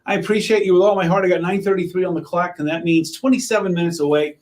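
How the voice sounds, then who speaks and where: A man's voice: high voice, steady tone, fast talker, darkish tone. A man, a TV meteorologist giving a casual live weather update, chatting and joking with viewers and greeting them by name. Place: TV station weather set.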